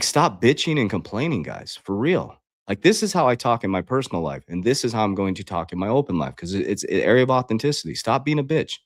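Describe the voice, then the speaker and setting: A man's voice: on the low side, no room sound, studio quality. A man speaking as a life coach on a livestream, blunt and confrontational, swearing freely and talking straight to his viewers. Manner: addresses viewers directly as guys. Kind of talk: livestream motivational talk.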